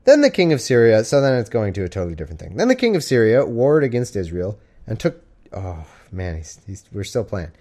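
Wry, rambling man with a lowish voice. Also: big pitch swings, brisk, darkish tone. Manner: wry, rambling, sarcastic asides. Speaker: live-stream host. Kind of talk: casual scripture reading with commentary.

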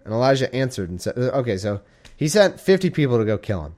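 A man's voice: medium pitch, big pitch swings, fast talker, a little mellow. A man reading scripture aloud in a casual, irreverent way, breaking off into joking asides and mock-dramatic quoted voices, sounding drowsy. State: drowsy, sleepy. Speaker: casual Bible reader. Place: warm room at home.

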